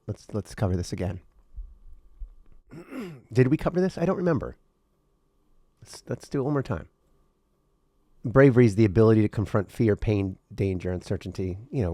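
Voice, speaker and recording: A male podcast host talking alone, earnest and rambling, with a lot of repeated words, going from intense to quiet and emotional. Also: fairly low pitch, no room sound, studio quality. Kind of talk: reflective solo podcast monologue.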